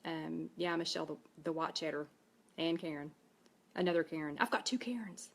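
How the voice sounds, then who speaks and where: Gravelly East Tennessee woman chatting live. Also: deep voice, a little fast. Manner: chatty, reads viewer comments aloud. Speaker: host. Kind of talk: casual Facebook Live chat.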